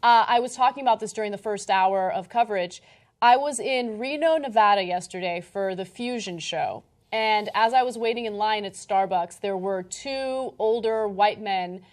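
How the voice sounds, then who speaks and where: A woman hosting live election night coverage, telling stories in a candid, animated way. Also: medium pitch, normal speed. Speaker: host.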